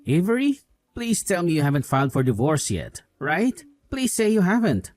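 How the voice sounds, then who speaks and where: A man plays a young husband who blindly takes his mother's side and scolds his wife with contempt. His pitch jumps around a great deal as he lectures. The sound is dry and close, with faint music underneath. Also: sing-song, moderate pace, darkish tone, dry recording. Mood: panicked. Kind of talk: voiced drama story.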